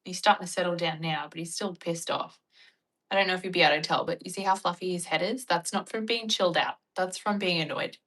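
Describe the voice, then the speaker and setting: A young Australian woman chatting casually and bluntly with her viewers, joking and acting out animated retellings. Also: lowish voice, fast, low-quality recording. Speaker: vlogger. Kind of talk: casual chat reacting to viewer comments.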